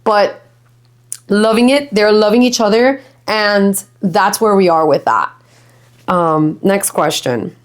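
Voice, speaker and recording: Young woman podcast host from Miami, mid-range pitch, casual, foul-mouthed, giggly. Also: slow. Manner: chatty, swears freely, laughs often, mixes Spanish. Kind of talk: casual chat.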